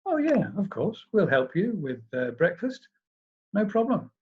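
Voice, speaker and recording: Brief: man reading as a young eager student, higher and keen, husky, dull lo-fi. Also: lively intonation, moderate pace. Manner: eager, know-it-all explaining.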